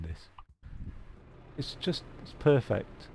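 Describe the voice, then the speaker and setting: A man's voice: mid-range voice, normal speed, a little mellow, slight background noise. A man rambling casually as he streams a truck-driving game, with self-mocking asides. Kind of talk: casual live-stream commentary.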